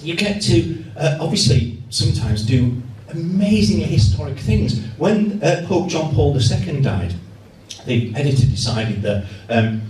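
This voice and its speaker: A man's voice: fairly high pitch, a little slow, slight background noise. A man, a journalist, telling self-mocking humorous stories as a guest speaker to a laughing audience in a hall. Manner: lively storytelling, self-mocking. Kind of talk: humorous after-dinner talk. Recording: roomy hall heard from a distance.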